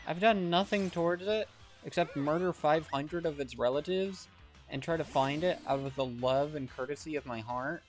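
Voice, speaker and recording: A man with a slightly high voice chats on a live game stream. He is playful and melodramatic, whining and teasing his viewers, with faint game music behind him. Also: moderate pace. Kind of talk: casual gaming stream chat.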